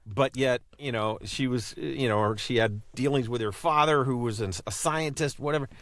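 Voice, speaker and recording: A man's voice: mid-range voice, normal speed, fairly bright tone, dry recording. A man co-hosting a podcast, telling a long story in a casual, rambling chat with many restarts. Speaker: podcast co-host.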